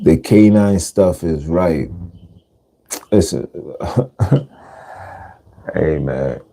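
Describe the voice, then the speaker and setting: A man's voice: low voice, expressive, very slow, gravelly, dark tone. A man hosting a podcast, talking casually in street slang and repeating words for emphasis. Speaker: podcast host. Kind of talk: casual monologue.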